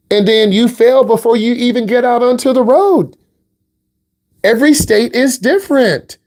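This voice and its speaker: This driving instructor, a middle-aged man from the American Midwest, speaks in a very high, slightly mellow voice at normal speed. His casual teaching is blunt, teasing, and direct.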